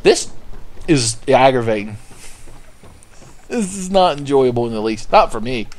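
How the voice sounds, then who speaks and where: A man's voice: mid-range voice, lively intonation, a little slow. A man giving casual, profane, sarcastic commentary while playing a video game. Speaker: gameplay commentator. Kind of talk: casual let's-play commentary.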